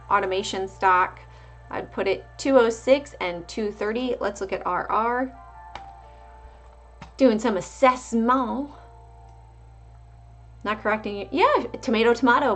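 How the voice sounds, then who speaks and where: A woman at an average pitch talks through stock charts in a loose, conversational way. She rattles off price levels and breaks off to answer her viewers in chat. Faint music plays underneath. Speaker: livestream market host. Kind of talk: casual live market commentary.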